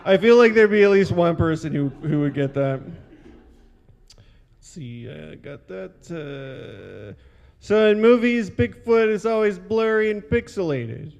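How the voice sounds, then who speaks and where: A man's voice: high voice, expressive, measured pace, creaky, darkish tone, highs cut off. A man performing stand-up one-liners at an open mic, with dry, awkward, self-deprecating asides. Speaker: stand-up comic. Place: brewery taproom stage.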